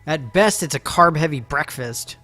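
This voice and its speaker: Man, live-stream chat, teasing, excitable, light music bed. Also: a little high, normal speed. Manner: playful, joking, teasing chat, excitable outbursts. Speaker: game streamer. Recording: faint music behind.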